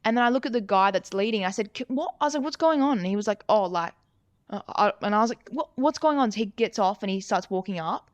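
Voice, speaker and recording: Telling a rambling story on the podcast she co-hosts, this young woman talks casually, swears a lot and leans on "like" constantly. She has a mid-range voice and speaks fast, captured in lo-fi sound with no room echo.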